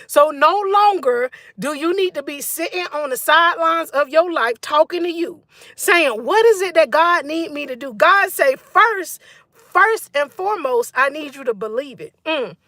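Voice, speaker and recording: A woman preaches on a live stream in a high, bright voice. She exhorts her viewers fervently, repeating her points and dropping in "mm" and "y'all" between lines. The sound is close and dry, with no room around it. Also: expressive, moderate pace, no room sound.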